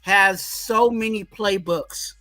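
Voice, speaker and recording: A man's voice: high-pitched, slow pace, bright, forceful tone, no echo, poor audio. A man co-hosting a casual sports talk show, rambling and often saying "you know what I'm saying". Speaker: co-host.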